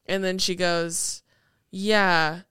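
A woman's voice: fairly low pitch, moderate pace, clean tone, no echo, clean studio sound. A young woman co-hosting a podcast, chatting casually and acting out movie scenes with plenty of swearing. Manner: animated storytelling, swears freely, acts out movie lines. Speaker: podcast co-host. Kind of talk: casual chat.

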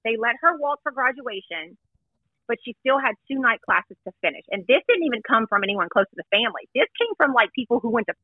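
Chatty woman guest calling in, higher husky voice, tinny phone line. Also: very animated, fast talker, dry recording. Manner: emphatic, chatty, stresses points with "let me tell you". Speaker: guest recounting an exposé. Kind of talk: casual gossip chat.

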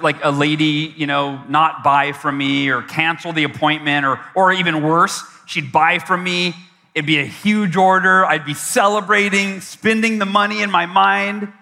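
Man, motivational keynote speaker, storytelling, slightly high voice, long hall reverb. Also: pushed and bright. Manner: storytelling, acts out his own past voice with big swings. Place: large event hall.

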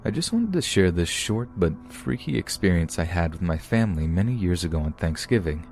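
A man calmly reading true scary stories aloud as a podcast narrator. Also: low-pitched, fairly quick, faint music behind. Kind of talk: scripted horror story narration.

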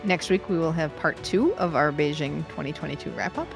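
A woman's voice: low voice, brisk, creaky, over music. A woman co-hosting a podcast, chatting casually and laughing often. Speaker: podcast co-host.

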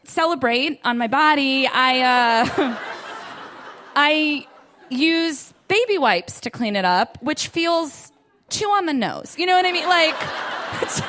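High, lively woman doing stand-up. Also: slight background noise. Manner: self-deprecating, animated, laughs through lines. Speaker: stand-up comedian. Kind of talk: stand-up set. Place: comedy club stage.

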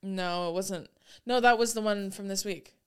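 A woman's voice: mid-range voice, moderate pace, clean tone. A young woman chatting casually as a podcast co-host, swearing freely and acting out little quotes. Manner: swearing, chatty, quotes people in put-on lines. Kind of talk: casual chat.

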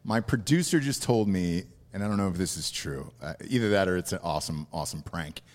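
A man's voice: sits low, expressive, fairly quick. A man hosting a casual interview podcast, joking around and swearing freely. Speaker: podcast host.

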